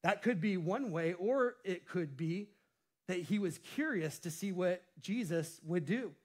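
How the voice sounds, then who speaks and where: High-voiced, playful preacher man. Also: lively intonation, unhurried, a little mellow. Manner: playful, jokes and laughs at himself. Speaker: pastor. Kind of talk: sermon.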